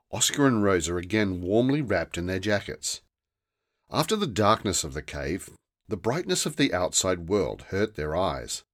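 A man narrating a children's fantasy story in a slow, deliberate storytelling manner. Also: low voice.

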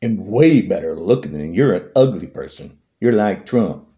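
Heated and animated, a man vlogs an angry political rant to camera at a moderate pace, throwing the same insults again and again as his voice swings high and low. His tone is mellow and the sound is lo-fi.

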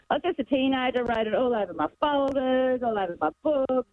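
A bubbly Australian woman tells her story as a caller to the show. Her voice is high, and she comes through a tinny phone line. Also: fast talker, few pauses, no room sound. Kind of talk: phone-in anecdote.

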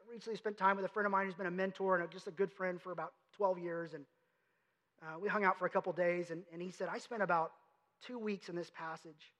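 A man's voice: high-pitched, fairly bright tone. A man, a pastor, preaching a conversational sermon full of emphatic rhetorical questions. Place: church sanctuary. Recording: long hall reverb.

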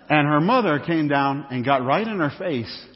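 A man's voice: fairly high pitch, expressive, slow pace, a little hiss or hum. A man preaching a sermon to a congregation in a conversational, storytelling way, recorded in an echoey church with dull sound. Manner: conversational, repetitive, anecdotal. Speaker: pastor. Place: church sanctuary.

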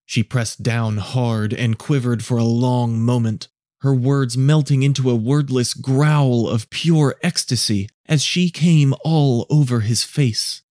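A man narrating and producing an audio story in a measured, low-key, hushed reading. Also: steady tone, no room sound, studio quality.

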